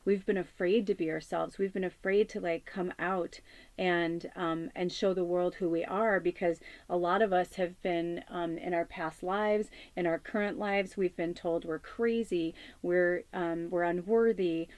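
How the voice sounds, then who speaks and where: A woman's voice: on the low side, steady tone, measured pace, a little mellow, no room sound. A woman in her forties, hosting a spiritual talk show, speaking in an earnest, rambling way with many fillers and restarts. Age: 40s. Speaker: spiritual medium hosting a channel. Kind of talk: casual spiritual chat.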